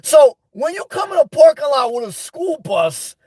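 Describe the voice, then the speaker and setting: High-voiced man riffing on his live chat. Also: normal speed, no room sound, studio quality. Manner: blunt, animated, swings into loud laughing rants. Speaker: livestream host. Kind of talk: live-stream chat reading. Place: inside his car.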